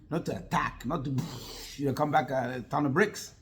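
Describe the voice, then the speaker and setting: A man's voice: medium pitch, moderate pace, a little hiss or hum. A man, a rabbi, teaching an interactive class and firing rhetorical questions at his listeners. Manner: animated, asks the class many rhetorical questions.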